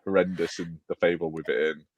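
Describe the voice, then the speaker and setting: A man's voice: low-pitched, level tone, a little fast, a crowd in the background. A man co-hosting a podcast in casual chat, rambling with restarts and self-deprecating jokes. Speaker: podcast co-host.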